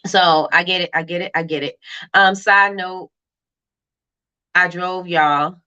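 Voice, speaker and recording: Fast-talking woman hosting a lo-fi livestream. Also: on the low side, clear, resonant tone. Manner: fast-talking, animated, reads out viewer comments. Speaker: livestream host. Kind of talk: casual live-stream chat.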